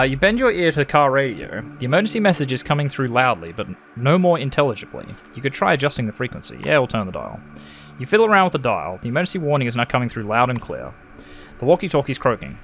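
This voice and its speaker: Australian man reading game text, lively voice. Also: medium pitch, brisk, a little hiss or hum. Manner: sarcastic, joking. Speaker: game streamer.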